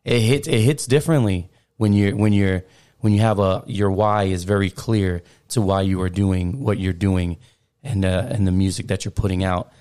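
A man with a fairly low voice who encourages the speaker and talks in an affirming way. He speaks in a casual conversational style. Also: steady tone, moderate pace, a little mellow.

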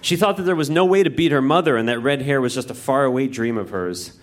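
A man reading his own childhood story aloud to a live audience, in a deadpan, mock-dramatic manner. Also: mid-range voice, quick pace. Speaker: reader. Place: live show in a music venue.

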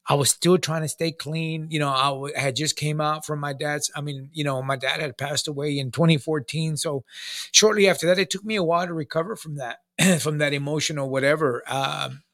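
A man's voice: fairly high pitch, steady tone, fairly quick, a bit bright, no room sound, studio quality. A middle-aged man hosting a casual talk show, telling long rambling stories full of fillers, restarts and slang like "dude" and "bro". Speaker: podcast host in recovery.

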